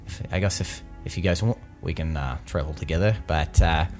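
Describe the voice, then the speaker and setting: A man's voice: very deep voice, fairly quick, darkish tone, faint music behind, pitched below the performer's own voice. A man doing a jittery stammering wanderer. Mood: nervous. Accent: British-sounding put-on. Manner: stammering, rambling. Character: nervous male human wanderer, chatty, timid.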